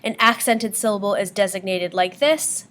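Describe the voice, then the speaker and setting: A woman's voice: mid-range voice, moderate pace, fairly bright tone. A woman teacher giving a patient classroom lecture on poetry terms, explaining step by step with frequent ums.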